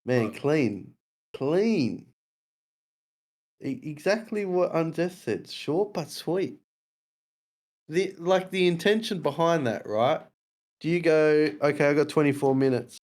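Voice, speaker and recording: Bantering New game show host. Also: male voice, on the high side, animated, slow, long pauses, darkish tone. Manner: laughing, teasing banter. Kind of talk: casual live-stream chat.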